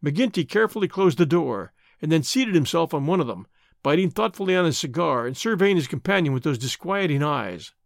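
A man narrating a classic story in a measured, expressive storytelling voice. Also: on the high side, gravelly, no room sound, clean studio sound. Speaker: audiobook narrator.

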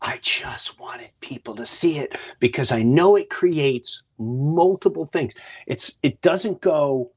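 A man's voice: mid-range voice, lively intonation, takes it slowly, husky. A man hosting a podcast, telling earnest, heartfelt stories in a casual monologue. He often restarts and repeats words, and sometimes drops to a near whisper. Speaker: podcast host.

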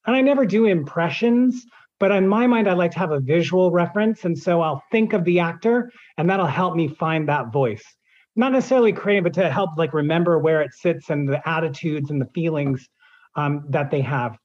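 A man's voice: fairly high pitch, moderate pace, highs cut off. A man who narrates audiobooks, answering in an interview and explaining his process at length with examples.

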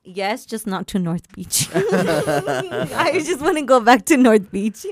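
A young woman telling a story in casual chat, animated, saying "like" a lot and laughing often. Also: medium pitch, takes it slowly.

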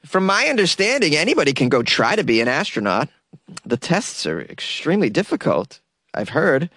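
Man, comedy news host; lively, sarcastic riffing, dry close sound. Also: on the high side, normal speed, no echo. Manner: sarcastic, riffing, laughs at own jokes.

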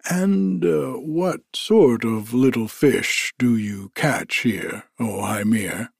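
A man's voice: mid-range voice, lively intonation, takes it slowly, vocal fry, no room sound, clean studio sound, exaggerated voice. A man voicing a bold, cheerful male god who teases his companion in a storybook reading. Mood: teasing. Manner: cheerful and teasing.

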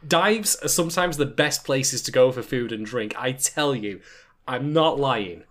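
A man's voice: mid-range voice, animated, a little slow, fairly bright tone. A man co-hosting a podcast who chimes in with enthusiastic asides during casual chat. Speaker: podcast co-host.

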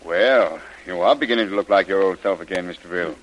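An actor playing a concerned middle-aged governor, measured and paternal with hesitant pauses, in a hissy old radio drama. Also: male voice, low-pitched, natural voice, poor audio. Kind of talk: 1930s radio drama acting.

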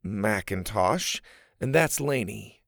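A man voicing a level-headed boy who speaks calmly and reassuringly. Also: fairly low pitch, takes it slowly, gravelly, dry recording, studio quality, full character voice. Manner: calm, reassuring.

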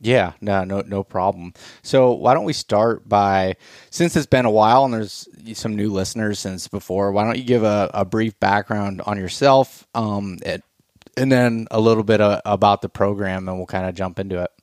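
Smooth-voiced man hosting a podcast. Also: fairly low pitch, moderate pace, no echo, clean studio sound. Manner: relaxed, rambling, with frequent fillers and restarts. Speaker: podcast host. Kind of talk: casual podcast chat.

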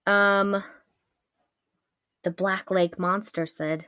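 A woman casually retelling a spooky-comic legend, breaking off for wry asides. She talks slowly with plenty of fillers, and the recording is close and dry. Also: mid-range voice, expressive, dry recording, muffled recording. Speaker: podcast storyteller. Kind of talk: casual comedic story retelling.

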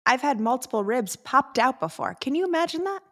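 A woman co-hosting a podcast who works as a fitness instructor, chatting casually with quick, teasing interjections. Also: sits high, sing-song, fairly bright tone. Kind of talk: casual chat.

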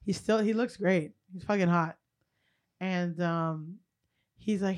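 A young woman co-hosting a podcast, telling a profane, animated story and acting out what people said. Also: fairly low pitch, slow. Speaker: podcast co-host. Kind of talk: casual comedic storytelling.

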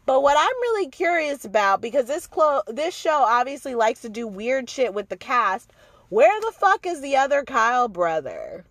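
Woman host, higher voice, dry close sound, blunt and profane show recap. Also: very animated, moderate pace, a bit bright, no echo. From outside the American South. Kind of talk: casual chat.

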